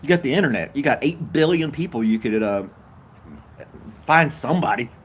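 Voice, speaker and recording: A man's voice: medium pitch, animated, normal speed, breathy edge. Laid-back older Southern man. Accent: Southern US, Tennessee. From Tennessee, USA. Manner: laid-back, chuckles often, easygoing drawl. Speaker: live-stream host. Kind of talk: casual live-stream chat, reading viewer comments.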